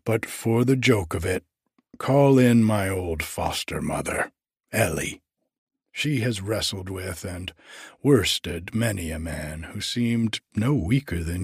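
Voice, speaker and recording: A man's voice: deep voice, lively intonation, slow pace, vocal fry, slightly rough, no room sound, clean studio sound, exaggerated voice. A man putting on a sly, gloating giant king. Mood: taunting. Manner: gloating, taunting, often hushed to a whisper.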